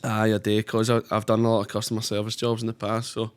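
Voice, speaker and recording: A man's voice: lowish voice, completely flat delivery, fast talker, clear, resonant tone. A young Scottish man guesting on a podcast, easygoing and recovering from a cold, often saying "aye" and "mate". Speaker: guest streamer and musician. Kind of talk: casual chat.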